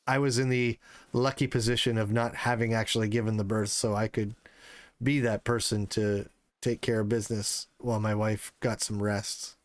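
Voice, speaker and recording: Fairly low in pitch and with little pitch movement, a streamer in his thirties speaks at normal speed while playing a hunting game. He chats casually with his audience and curses at frustrations, with no room sound.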